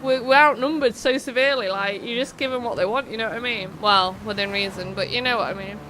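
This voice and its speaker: Fast, bright, and pushed, the young woman's slightly high voice comes through with slight background noise. Hosting a live stream of a racing game, she chats casually, rambles off on tangents, and reads out viewers' messages.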